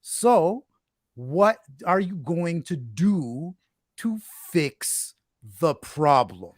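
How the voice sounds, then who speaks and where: Man, panelist, rhetorical questions, fairly high voice, dry close sound. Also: sing-song, extremely slow, no echo. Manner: discursive, builds points with rhetorical questions. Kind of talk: panel discussion.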